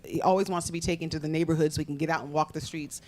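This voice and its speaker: A woman's voice: low voice, fairly even intonation, racing, a little mellow. A middle-aged woman, a guest in an interview, telling stories about her father in a casual, laughing way. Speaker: interview guest, daughter of the film's subject.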